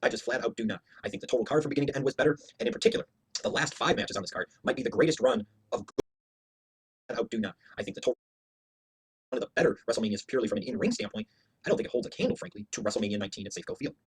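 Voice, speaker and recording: A man's voice: medium pitch, lively intonation, racing, slightly rough. A man giving a heated, profane, opinionated review rant as a wrestling show reviewer, hammering his points with emphatic repetition.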